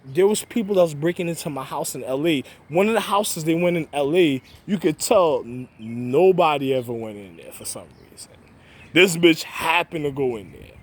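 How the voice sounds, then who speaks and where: Agitated guy ranting to the camera, kinda husky, slightly high voice, swears a lot. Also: expressive, normal speed. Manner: agitated, repetitive, swearing, quoting himself in raised voice. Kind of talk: rambling monologue to camera.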